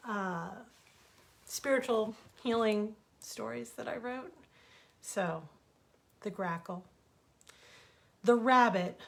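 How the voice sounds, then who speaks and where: A woman author reading her own fables aloud as bedtime stories, gentle and expressive, into a webcam. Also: mid-range voice, creaky.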